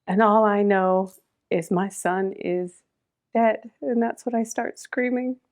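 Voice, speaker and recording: A middle-aged woman, a podcast guest, telling a personal story with strong emotion, moving between loud urgency and hushed quiet. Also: mid-range voice, fairly even intonation, slow pace.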